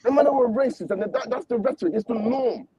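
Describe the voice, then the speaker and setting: A man's voice: very high-pitched, fast talker, muffled recording, a crowd in the background. A man on a panel stream, arguing heatedly and repeating himself. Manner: impassioned, repetitive, confrontational. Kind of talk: heated debate.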